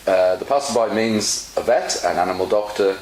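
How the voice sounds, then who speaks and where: A man teaching English in a relaxed online lesson, explaining slowly and patiently with many fillers. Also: on the low side. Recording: echoey room with faint hiss.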